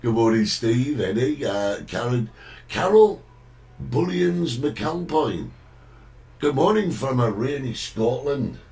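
A man's voice: mid-range voice, lively intonation, takes it slowly, vocal fry, a little mellow, recorded from a distance, poor audio. A man hosting a casual talk show, chatting and reading out viewer greetings. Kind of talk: casual chat.

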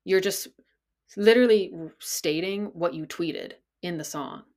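A woman's voice: lowish voice, a little slow, darkish tone. A woman hosting a casual solo podcast, talking in an incredulous, exasperated way and swearing freely. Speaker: podcast host.

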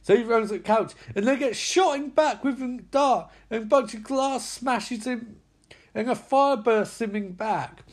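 Excitable high-voiced man recapping a film. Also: measured pace. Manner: excitable and profane, frequent exclamations. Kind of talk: casual excited movie recap.

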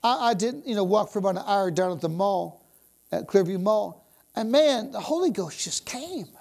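A woman's voice: mid-range voice, animated, normal speed, vocal fry, a little mellow. A woman preaching a sermon, exuberant, bursting into exclamations of praise and dwelling on repeated phrases.

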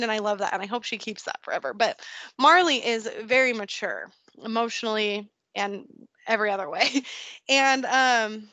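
A woman's voice: a little high, moderate pace, sharp tone, no room sound. A woman speaking as a podcast guest in a candid personal conversation, earnest and openly emotional.

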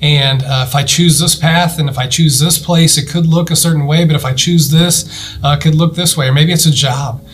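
A man delivering a sermon as a pastor, earnest, asking listeners questions and slowing down to read scripture aloud. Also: on the high side, steady tone, fairly bright tone, faint music behind. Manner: earnest preaching, rising emphasis, slowed scripture reading; addresses listeners directly with questions.

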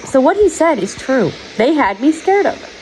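Earnest woman podcaster, high voice. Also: sing-song, normal speed, darkish tone, a little hiss or hum, rough recording. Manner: earnest, emotional and pleading. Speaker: podcast host. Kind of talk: casual chat. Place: virtual world.

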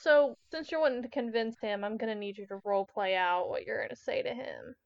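A woman narrating as game master of a tabletop game, brisk and teasing. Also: a little high, creaky, no room sound, highs cut off.

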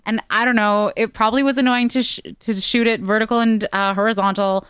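A woman's voice: on the high side, fairly even intonation, a little fast, fairly bright tone, smooth, no room sound, clean studio sound. A young adult woman co-hosting a podcast, chatting casually in a snarky, talkative way and laughing often. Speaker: podcast co-host. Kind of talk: casual chat.

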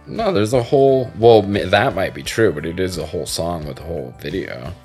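A man's voice: low voice, lively intonation, a little fast, a little mellow, soft background music. A man hosting a podcast, chatting casually in a meandering, profane way. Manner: profane, meandering, frequent restarts. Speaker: podcast host. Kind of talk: casual chat.

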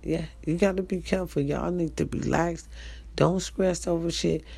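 A middle-aged woman with an African American Vernacular English accent, telling a blunt, profane, animated story straight to her listeners. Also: fairly low pitch, moderate pace, creaky, breathy edge. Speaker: online talk show host. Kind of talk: casual storytelling monologue.

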